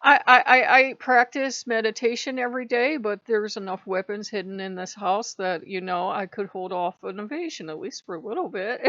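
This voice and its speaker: A woman's voice: mid-range voice, creaky, a bit bright, no room sound. An American woman vlogging a candid personal monologue, blunt and profane, often laughing. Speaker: spiritual vlogger. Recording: dull lo-fi dry sound.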